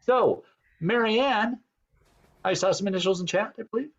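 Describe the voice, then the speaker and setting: A man's voice: high-pitched, moderate pace, highs cut off. A man hosting an online improv game show over a video call, teasing and hesitant with many ums.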